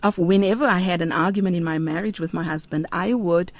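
A woman's voice: fairly low pitch, fairly quick. Earnest woman sharing testimony. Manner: earnest, heartfelt storytelling with frequent ums. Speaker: interview guest. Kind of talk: personal testimony in conversation.

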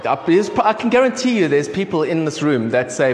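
A man's voice: fairly high pitch, very animated, brisk. A man from South Africa with a South African accent, preaching a sermon in a casual, conversational way with many ums and restarts. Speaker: pastor. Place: church hall. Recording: echoey church hall with faint room noise.

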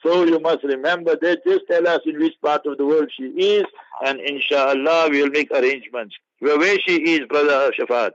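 A South African man, a mufti, answering listeners' questions on radio in a lively, preachy way with playful wordplay. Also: fairly high pitch, moderate pace, no room sound, lo-fi sound.

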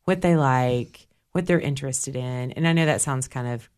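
Very deep-voiced thoughtful woman guest. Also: a little mellow, smooth. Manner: thoughtful and measured when explaining. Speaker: library director and bookshop board member, guest. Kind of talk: interview conversation.

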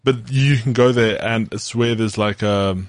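A man from South Africa co-hosting a podcast, relaxed and anecdotal in casual chat. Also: mid-range voice, measured pace, no echo. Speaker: podcast co-host.

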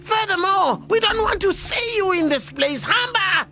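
Woman doing a tiny brave lady tortoise, high squeaky voice, south african accent, slow and bold. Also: animated, over music, exaggerated voice. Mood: scolding. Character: small brave female tortoise, quiet and determined.

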